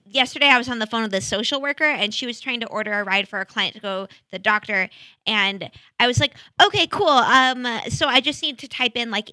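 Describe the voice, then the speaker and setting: A young woman from Seattle doing a self-deprecating stand-up set, rambling, with bursts of loud excitement. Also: fairly high pitch, no echo. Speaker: stand-up comic.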